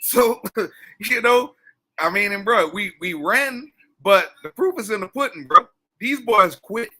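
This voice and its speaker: A man's voice: high-pitched, lively intonation, unhurried, bright, forceful tone, rough recording. A man, co-hosting a casual sports podcast and rambling with lots of "you know" and "bruh". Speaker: podcast co-host.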